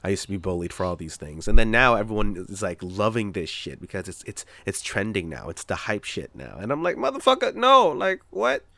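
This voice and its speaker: Low-voiced man, casual profane chat. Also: fairly quick, hardly any pauses, dry recording. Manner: profane, animated storytelling.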